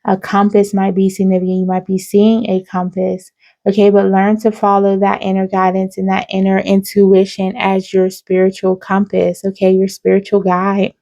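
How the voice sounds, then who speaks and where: Mellow, even-toned woman giving a spiritual reading. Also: mid-range voice, moderate pace. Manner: frequent "okay?" tag questions, reeling off numbers. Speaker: spiritual reader. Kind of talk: intuitive card reading to viewers.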